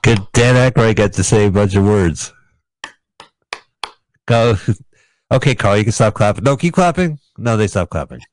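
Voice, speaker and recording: A man's voice: on the low side, normal speed, long pauses. A man co-hosting a casual radio podcast, cracking jokes and making sarcastic remarks about a movie. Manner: joking, sarcastic, riffs on the film. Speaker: podcast co-host. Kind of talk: casual comedic film-review chat.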